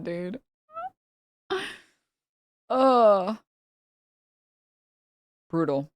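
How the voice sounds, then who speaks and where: A woman's voice: on the low side, expressive, a little slow, long pauses, no room sound, clean studio sound. A woman streamer chatting casually and mocking her subject with sarcasm. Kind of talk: casual chat.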